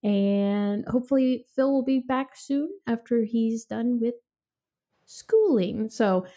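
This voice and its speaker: A woman hosting a casual podcast chat, playful and quick to laugh. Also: fairly high pitch, lively intonation, warm tone. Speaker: podcast host.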